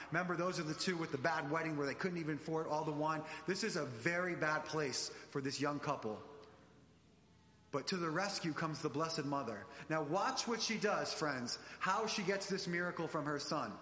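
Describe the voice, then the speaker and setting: A man delivering an animated sermon, speaking directly to the congregation in a church. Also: a little high. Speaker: preacher. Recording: echoey church hall.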